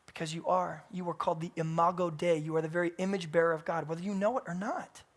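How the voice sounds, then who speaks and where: A man in his thirties preaching a sermon in church, moving between hushed, intimate passages and loud, emphatic peaks. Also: a little high, fairly even intonation, fast.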